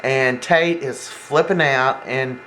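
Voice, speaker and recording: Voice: medium pitch, slow, fairly bright tone, a little hiss or hum, poor audio. Rambling soap opera recapper, casual. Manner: rambling, acts out quoted lines, many fillers.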